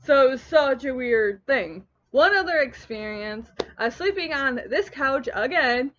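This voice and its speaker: A young woman telling a story in a casual home vlog, rambling and animated, often stopping herself mid-sentence. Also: high-pitched, a little slow, a little hiss or hum. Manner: rambling, animated, self-interrupting. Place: at home on a couch. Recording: dull lo-fi home recording.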